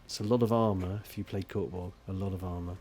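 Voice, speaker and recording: A man running a tabletop role-playing game as game master, narrating scenes in a rambling, animated, self-mocking way. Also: deep voice, fast, husky.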